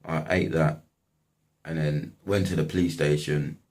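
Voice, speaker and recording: A man's voice: extremely low pitch, fairly even intonation, unhurried, a little mellow. A young man casually telling a story from his life, slangy and swearing often. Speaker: vlogger.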